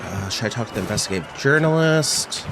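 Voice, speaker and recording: A man's voice: fairly low pitch, animated, quick pace, gravelly, background noise. Chatty man streaming a game. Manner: chatty, giggly, easygoing. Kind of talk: casual let's-play chat.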